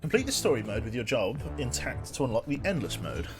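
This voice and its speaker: A man's voice: mid-range voice, sing-song, fairly quick. A young man chatting casually to his stream chat while playing, rambling and joking, on a desk mic. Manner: rambling, jokey, talks to chat. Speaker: game streamer. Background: game music.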